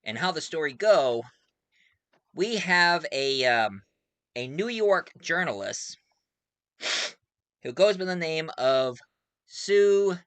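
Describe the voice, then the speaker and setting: A man in his forties reviews a movie in a put-on Australian accent. He talks in a chatty way, corrects himself often, and laughs between remarks. His voice is bright and forceful, and the recording is dry and close. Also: a little high, expressive, slow pace, pauses often, clear, resonant tone, dry recording. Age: 40s. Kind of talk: casual video review.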